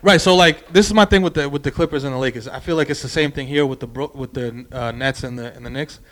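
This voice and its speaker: A young man telling animated, profane stories on a podcast, wandering off on tangents. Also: mid-range voice, quick pace. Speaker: podcast guest. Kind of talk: casual podcast chat.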